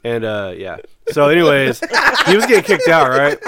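A man's voice: a little high, very animated, normal speed, a loud crowd. A man casually telling profane stories on a podcast, rambling with lots of fillers and laughing through them.

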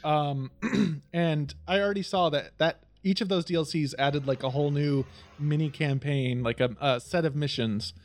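A man's voice: on the high side, moderate pace. A man hosting a casual gaming chat, rambling and laughing often, swearing casually.

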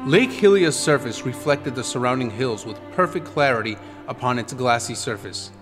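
A man reading an audiobook in a measured, descriptive storytelling manner. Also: medium pitch, expressive. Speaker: audiobook narrator. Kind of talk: scripted audiobook narration. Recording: long reverb with background music.

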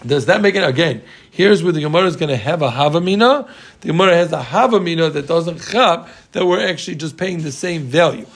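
Animated gravelly-voiced man teaching. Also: on the high side, fairly quick. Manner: animated, repeats points emphatically, teasing students. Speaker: Talmud teacher. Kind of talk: Talmud class lecture.

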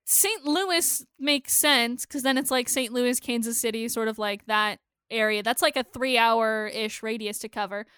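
A woman's voice: a little high, measured pace, hardly any pauses, pushed and bright, clean tone, no echo, studio quality. A woman co-hosting a podcast in casual chat, blunt and sarcastic with frequent swearing. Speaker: podcast co-host.

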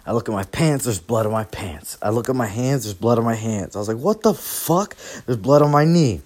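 A young man at a mid-range pitch, talking loosely and cursing freely. He rambles through his story, restarting sentences and laughing along the way. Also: brisk, darkish tone. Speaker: podcast host. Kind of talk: casual solo storytelling.

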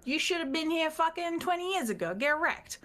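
A woman's voice: very high-pitched, expressive, brisk, a bit bright, voice pushed up. A woman voicing a defiant young tiefling who bluntly swears at her absent father. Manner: blunt and profane.

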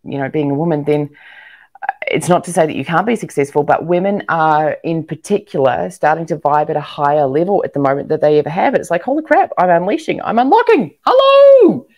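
A woman's voice: sits low, a little fast, a little mellow. A woman, a guest entrepreneur giving earnest, motivational advice in casual interview talk with frequent ums and restarts. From New Zealand. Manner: earnest, motivational, many fillers.

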